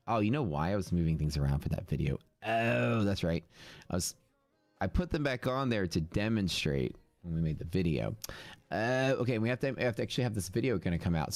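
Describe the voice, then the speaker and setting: A man's voice: fairly low pitch, a little mellow, no echo. A man live-streaming his trading screen, casually thinking aloud with fillers and restarts. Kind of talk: live screen-share commentary.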